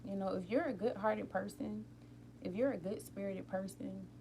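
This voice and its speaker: A woman hosting a casual live stream from home late at night, rambling warmly and talking straight to her viewers about healing and feelings. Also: mid-range voice, moderate pace, gravelly, slight background noise. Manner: openly emotional, tearful at times. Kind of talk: casual inspirational chat.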